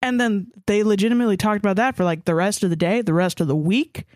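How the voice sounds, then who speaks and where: A woman's voice: mid-range voice, fast, a little mellow, no echo, studio quality. A woman co-hosting a podcast, telling blunt, profane stories in casual chat. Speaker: podcast co-host.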